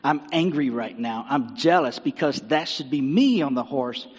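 A man's voice: mid-range voice, expressive, moderate pace, breathy edge, voice pushed down. A man voicing a resentful royal official who mutters his complaints under his breath. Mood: grumbling. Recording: dull sound with long hall reverb.

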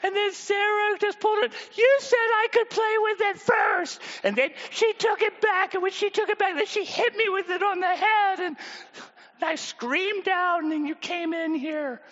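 A man voicing a young boy tattling on his sister in a high, breathless whine. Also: normal speed, fairly bright tone, lo-fi sound. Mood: whining.

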